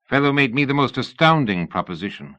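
A man voicing a pompous, sullen middle-aged gentleman who speaks huffily, in an audiobook reading. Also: mid-range voice, sing-song, brisk, no echo, voice pushed up. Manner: pompous, huffy.

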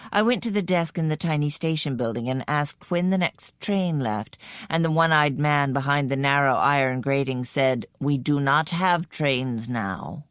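A woman narrating a first-person story in a measured, even storytelling manner. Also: low-pitched, smooth, no echo, studio quality. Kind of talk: scripted audiobook narration.

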